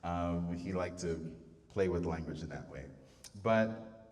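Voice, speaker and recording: Man, composer, lowish voice, thinking aloud, distant mic, reverberant hall. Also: measured pace, darkish tone. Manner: thinking aloud with fillers and restarts, sings short phrases. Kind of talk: live talk on setting words to music. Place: public venue.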